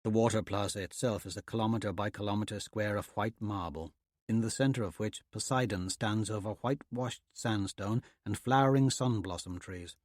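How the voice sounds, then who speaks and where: Measured male audiobook narrator. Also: lowish voice, no echo, studio quality. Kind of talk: scripted narration.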